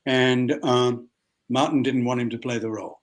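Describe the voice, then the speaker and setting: A man's voice: medium pitch, normal speed. Older Australian man telling stories. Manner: lively storyteller who acts out other people's voices. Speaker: guest actor. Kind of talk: anecdotal interview storytelling.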